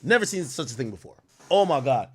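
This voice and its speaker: A man hosting a livestream, ranting in profane, animated commentary that swings from loud outbursts to low muttering. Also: brisk, slightly rough, no room sound. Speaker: livestream host.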